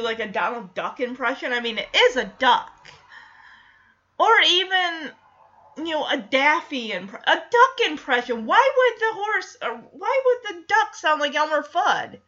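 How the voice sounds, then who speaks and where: A woman's voice: high voice, sing-song, a little slow, sharp tone, muffled recording. A woman chatting wryly through an episode recap, laughing often and acting out quotes.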